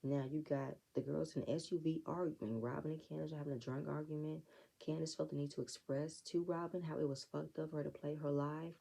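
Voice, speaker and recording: A woman's voice: low-pitched, fairly even intonation, brisk, gravelly, warm tone, poor audio. A woman giving a blunt, profane, sassy recap of a reality show episode, talking straight at the cast members. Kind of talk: casual recap commentary.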